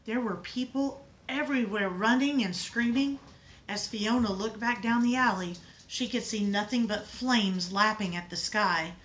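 A woman's voice: medium pitch, a little slow, low-quality recording. Woman reading a picture book aloud. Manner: expressive, dramatic reading.

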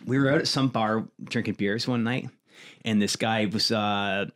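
A man's voice: lowish voice, steady tone, normal speed, fairly bright tone. A man, a podcast host and martial arts coach, telling rambling stories full of swearing in casual chat. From Canada. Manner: profane, rambling storyteller.

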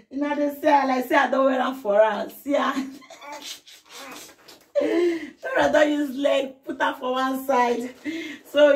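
A young woman with a Nigerian Pidgin English accent, chatting effusively in a casual unboxing vlog. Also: on the high side. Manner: effusive, breaks into sing-song chants. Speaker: vlogger.

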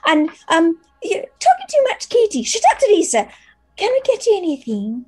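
A woman voicing two chattering, bickering teenage maids in high, squealing voices. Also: wildly swooping pitch, moderate pace, darkish tone, heavily acted. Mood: giggly bickering.

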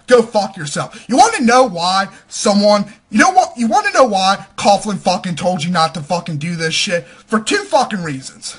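A man in an angry, profane vlog rant, snarling and at times shouting. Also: high voice, sing-song, moderate pace, few pauses, husky. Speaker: vlogger.

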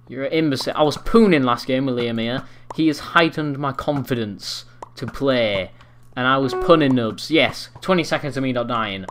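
A young man commentating his own game, rambling and swearing, breaking into angry yells. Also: mid-range voice, normal speed, slight background noise. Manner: swears a lot, rambling, bursts into angry yelling. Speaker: gaming commentator. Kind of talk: live gameplay commentary. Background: faint keyboard clicks and typing.

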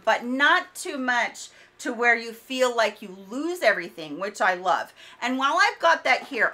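A woman's voice: mid-range voice, pushed and bright. A woman giving a chatty, enthusiastic product review as a fashion and beauty vlogger, with folksy asides.

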